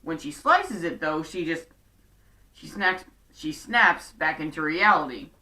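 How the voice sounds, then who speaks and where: A woman recapping a TV episode in a chatty, sarcastic way. Her voice is bright and forceful. She sits some distance from the mic. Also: low-pitched, expressive, a little slow. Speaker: show recap vlogger.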